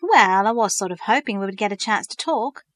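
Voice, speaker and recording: A woman's voice: medium pitch, expressive, brisk, no echo, natural voice. Woman reading as a teasing teenage boy. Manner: hesitant, stammering. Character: teasing teenage boy, nervous when serious. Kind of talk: storybook reading.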